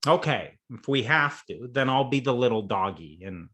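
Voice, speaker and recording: A man's voice: medium pitch, lively intonation, moderate pace, fairly bright tone. A man, a coach and interview guest, talking through ideas in a playful, conversational way and laughing often. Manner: playful, laughs often, acts out little scenes.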